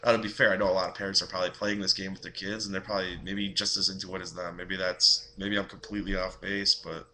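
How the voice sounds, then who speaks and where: Bright-voiced man ranting casually. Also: low voice, level tone, fast talker, hardly any pauses, a little hiss or hum. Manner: exasperated, profane ranting with mocking quoted voices. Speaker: vlogger. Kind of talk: ranting video blog.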